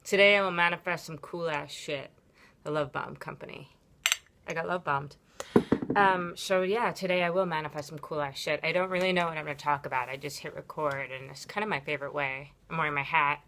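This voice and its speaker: A woman's voice: deep voice, steady tone, brisk, pushed and bright. A woman who teaches yoga, talking candidly in a casual unscripted vlog, rambling with many ums and the odd swear word.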